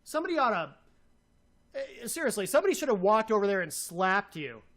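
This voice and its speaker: A man's voice: high-pitched, sing-song, fairly quick, fairly bright tone. Furious man ranting at a critic. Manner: heated, repetitive, hurling insults. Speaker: talk show co-host. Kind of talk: angry radio rant.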